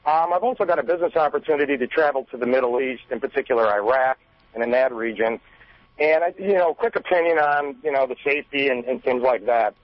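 A man's voice: mid-range voice, fast, no room sound. A man calling in to a radio show, polite and hesitant with fillers. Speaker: caller. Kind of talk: phone-in questions. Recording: dull band-limited radio audio.

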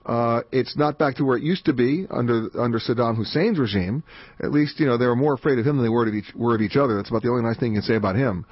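A man hosting a radio travel call-in show, chatty and emphatic with quick asides. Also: medium pitch, breathy edge, no echo. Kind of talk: fast radio call-in talk. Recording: dull band-limited radio audio.

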